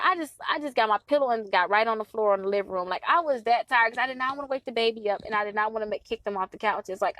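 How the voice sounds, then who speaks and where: A woman in her thirties coaches her followers on credit repair in a casual, chatty talk, pleading and emphatic. Her voice is a little high and fairly bright, with no room sound, and her nose is stuffy from allergies.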